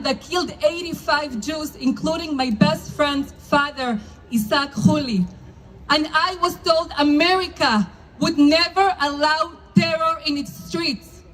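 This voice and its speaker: A woman from Argentina gives a fiery protest speech at an outdoor rally. Her voice sits very high. She speaks in slow, deliberate, emphatic phrases, like a religious leader stirring the crowd. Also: slight background noise, poor audio. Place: outdoor demonstration.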